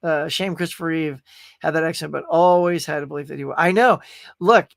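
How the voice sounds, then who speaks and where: A fairly quick, creaky voice on the high side with a fairly bright tone comes through clean studio sound without room noise. The man, hosting a laid-back pop culture podcast, rambles emotionally with restarts while gushing over a film.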